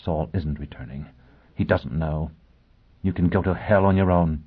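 A man voicing a bitter, proud young woman in an audiobook, speaking in a low, cutting, scornful way. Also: moderate pace, slightly rough. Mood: furious. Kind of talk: audiobook character voice. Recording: tinny phone-like sound.

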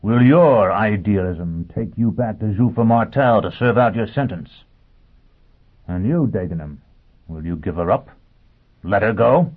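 A driven, bitter man challenges a room with pointed, intense questions, as a man reads him. The voice sits fairly low and slightly husky. The sound is thin and tinny, like a phone line. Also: lively intonation, a little slow. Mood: challenging.

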